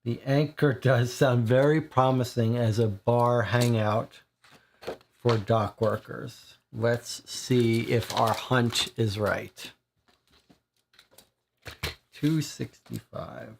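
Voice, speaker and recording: A board game player reads a detective case aloud and thinks through the next move. The delivery is slow and deliberate, with a gravelly edge. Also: medium pitch, steady tone, background noise. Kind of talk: reading a game's case text aloud.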